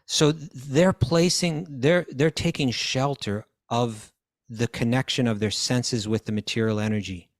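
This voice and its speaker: A man's voice: mid-range voice, measured pace, dry recording. Man explaining verses on a dry mic. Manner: quotes and translates Sanskrit verses, restarts phrases often. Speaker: spiritual teacher answering questions. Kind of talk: explanatory talk on scripture.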